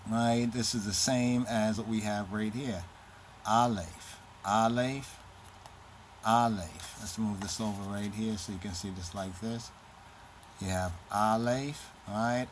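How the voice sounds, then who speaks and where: A man's voice: on the low side, a little hiss or hum. A man giving a lesson on an alphabet, reciting syllables one by one and often checking in with "right?". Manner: deliberate, repeats letters and sounds aloud, says "right?" often. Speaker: teacher of the Ge'ez script.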